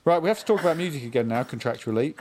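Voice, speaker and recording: A man hosting a relaxed remote chat from home, his voice in a middle range. He asks questions drily and slips in teasing jabs at his guest. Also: mid-range voice, rapid-fire, slight background noise. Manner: dry, teasing interviewer. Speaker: host. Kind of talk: casual chat.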